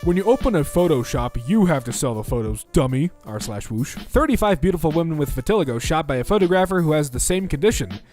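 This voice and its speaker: A young man reading out internet posts for comedy, bouncing between flat deadpan and mock voices. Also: a little high, faint music behind. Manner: lively, quick shifts into mock voices.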